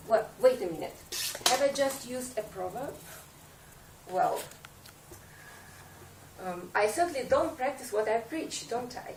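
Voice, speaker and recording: A woman's voice: a little high, animated, a little slow, pauses often, a little hiss or hum. Woman speaking in an echoey room. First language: Russian. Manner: hesitant, many fillers, wry self-mocking humor. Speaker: club speaker. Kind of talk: prepared speech to a speaking club. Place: meeting room. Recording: echoey room, mic far off, faint ambience.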